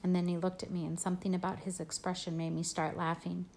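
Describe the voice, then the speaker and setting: A woman narrating a first-person novel in a calm, even storytelling voice. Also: lowish voice, fast talker, creaky. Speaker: audiobook narrator.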